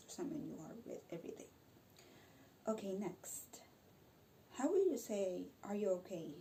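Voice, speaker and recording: Filipino woman, young adult, casual teacher of phrases; mellow lowish voice, many restarts, faint hiss behind. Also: creaky, rough recording. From Philippines. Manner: explains with many restarts and self-corrections. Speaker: language vlogger. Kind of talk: casual language lesson.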